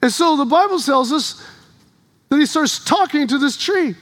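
Male preacher, very high pitch; animated sermon storytelling with shouted peaks. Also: moderate pace.

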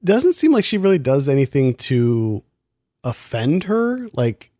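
A man picks apart a film in casual chat, sounding critical and exasperated and leaning on rhetorical questions. His voice sits at an ordinary middle pitch. The recording is close and dry, with no room sound. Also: big pitch swings, unhurried, warm tone, no echo.

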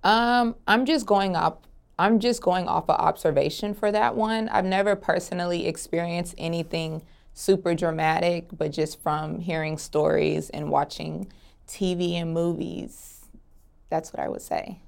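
Speaking unhurriedly with vocal fry, this young interview guest from Atlanta, Georgia, keeps a fairly low pitch and fairly even intonation. She gives easygoing, sit-down answers and laughs a lot.

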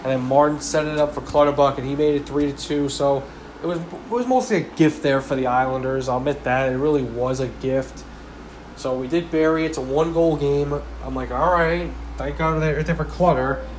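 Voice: medium pitch, a little fast, a little hiss or hum. A hockey fan giving a casual, passionate game recap, rambling with lots of "like" and repeating complaints heatedly. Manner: heated ranting, repeats demands.

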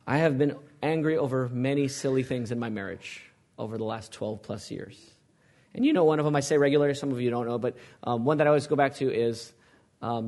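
A man's voice: medium pitch, a little mellow. A male pastor preaching a sermon, asking the congregation questions and pressing his points with emphasis.

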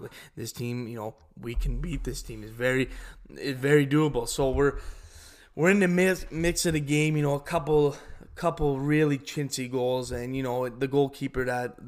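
A young man hosting a podcast, chatting casually and telling stories in an animated way. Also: medium pitch. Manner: animated storytelling with laughs. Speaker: podcast host. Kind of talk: casual interview chat.

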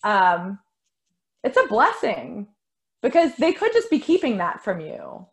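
Middle-aged woman coach, soft and reassuring, casual talk at a medium pitch. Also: huge pitch swings, unhurried. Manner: gentle, reassuring, repeats words. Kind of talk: casual conversation.

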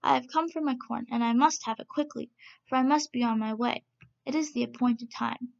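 A woman doing a gruff storybook Bear. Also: on the high side, a little fast, lo-fi sound. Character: big fat bad-tempered male bear.

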